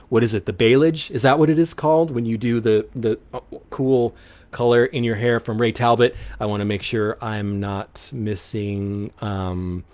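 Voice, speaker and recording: A man's voice: medium pitch, darkish tone. A man hosting a local live radio show, chatting casually, reading out listener questions with many ums and restarts in an upbeat, rambling way.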